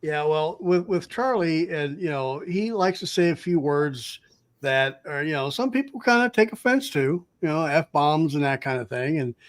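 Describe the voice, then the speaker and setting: An easygoing man co-hosts a casual chat, often pausing and restarting as he explains. His voice sits a little higher than most men's. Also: expressive. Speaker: podcast co-host.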